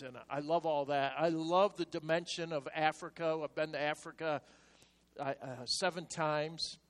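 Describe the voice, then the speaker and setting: An older man preaching a sermon, telling stories in a hushed voice and then rising into loud exhortation. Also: on the high side. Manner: animated storytelling, swinging from hushed asides to loud exhortation. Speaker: pastor. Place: church sanctuary. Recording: long reverb of a large hall.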